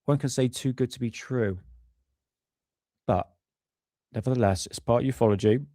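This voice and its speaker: A man's voice: medium pitch, moderate pace, mellow, no room sound, studio quality. A middle-aged British man hosting a casual live stream from home, chatty, swearing often and laughing at himself. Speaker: livestream host. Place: home room.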